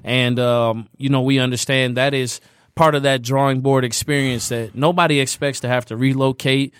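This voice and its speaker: A man's voice: medium pitch, fairly even intonation, normal speed, clear, resonant tone, no room sound, studio quality. A man hosting a podcast who tells stories in a casual, easygoing way, with lots of "man" and "you know.". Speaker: podcast host. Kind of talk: casual conversation.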